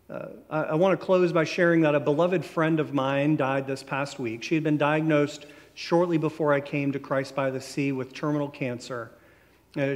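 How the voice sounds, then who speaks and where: A man preaching a sermon as pastor, in a conversational storytelling way that slows down for emphatic phrases. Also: a little high. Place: church sanctuary. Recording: long church reverb.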